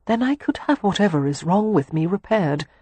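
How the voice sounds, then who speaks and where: A man's voice: sits high, animated, normal speed, mellow, slightly rough, no room sound, pitched above the performer's own voice. A man voicing a guarded young governess. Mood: wistful. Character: reserved young English governess, guarded woman.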